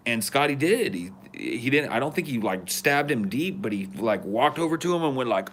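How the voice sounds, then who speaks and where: A man in his thirties telling a wild story as a podcast co-host in casual chat, cursing freely and acting out the quotes loudly. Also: mid-range voice, quick pace, hardly any pauses. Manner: animated, swearing, acts out quotes loudly.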